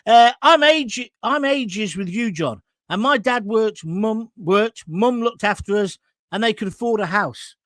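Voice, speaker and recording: A man's voice: high-pitched, expressive, measured pace, fairly bright tone, no echo. A man, hosting an online talk show and chatting casually through viewer comments in a blunt, jokey way with crude asides. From England.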